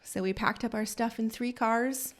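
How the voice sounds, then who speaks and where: Rambling, animated woman telling a salon story. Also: a little high, moderate pace. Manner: animated, rambling, self-deprecating. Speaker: salon owner and podcast host. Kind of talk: casual storytelling monologue. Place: her salon.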